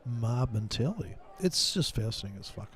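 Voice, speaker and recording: A man's voice: medium pitch, very animated, a little fast, fairly bright tone. A man hosting a casual trading stream, rambling and mocking in a profane, joking way. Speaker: livestream trading host. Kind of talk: casual ranting chat with viewers.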